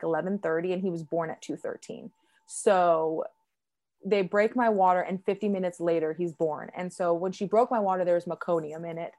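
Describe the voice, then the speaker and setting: A young woman in casual conversation, telling a personal story in a chatty way, with lots of fillers and quoted voices. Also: on the low side. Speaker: guest sharing a birth story.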